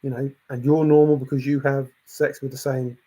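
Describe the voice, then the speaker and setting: A man's voice: medium pitch, flat delivery, moderate pace, mellow. A man who hosts a channel, ranting in a casual, exasperated way and repeating his points. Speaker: channel host. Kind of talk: casual opinion rant.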